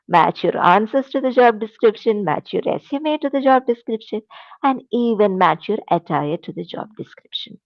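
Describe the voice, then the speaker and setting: A woman teacher with an Indian English accent, giving a classroom lecture in a slow, deliberate, emphatic way. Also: medium pitch, expressive, no echo, muffled recording.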